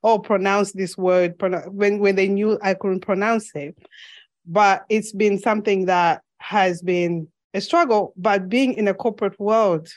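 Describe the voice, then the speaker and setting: A woman from Zambia with a slight lisp, speaking as a podcast guest. She tells her story in an earnest, reflective way at a middle pitch. The sound is dry and close, with no room echo. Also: unhurried, a little mellow. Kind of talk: casual conversational interview.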